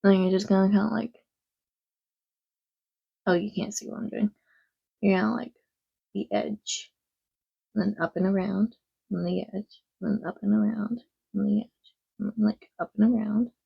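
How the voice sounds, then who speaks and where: A woman with a gravelly, husky voice rambles through a casual makeup tutorial at home. She talks frankly and swears now and then. The recording is dull and lo-fi. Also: medium pitch, steady tone, moderate pace, long pauses. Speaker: makeup vlogger. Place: quiet home.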